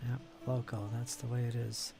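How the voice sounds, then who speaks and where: A man's voice: medium pitch, little pitch movement, moderate pace, gravelly. A middle-aged man hosting a live stream, chatting casually and jokingly, laughing often. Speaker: stream host. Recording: background music on a live stream.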